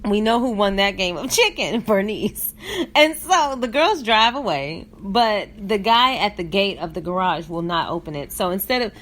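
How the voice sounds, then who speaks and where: A woman with an ordinary middle-pitched voice hosts a podcast, narrating a funny clip. She tells it with lively comic energy and keeps breaking into laughter. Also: moderate pace. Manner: animated, laughing storyteller. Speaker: podcast host. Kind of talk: comedic story recap.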